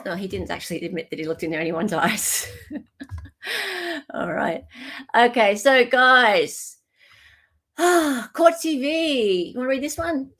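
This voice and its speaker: A woman's voice: fairly high pitch, sing-song, a little slow, a bit bright. A woman with an Australian accent hosting a live chat show, bubbly and giggly. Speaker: livestream host.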